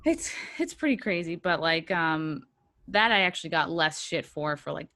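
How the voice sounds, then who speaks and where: Woman, podcast host, casual chat, lowish pitch, storyteller who acts out quotes. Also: expressive, moderate pace, pushed and bright, no room sound, studio quality.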